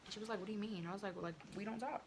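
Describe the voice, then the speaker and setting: A woman's voice: mid-range voice, racing. Chatty teen girl, noisy recording. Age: teens. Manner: chatty, lots of fillers and slang. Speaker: vlogger. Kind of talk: casual storytime.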